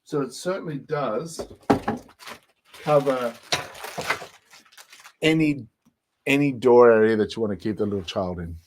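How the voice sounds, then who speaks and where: A man's voice: mid-range voice, measured pace, long pauses, noisy background. A man hosting a live shopping show, walking through each product's features step by step. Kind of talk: product demonstration.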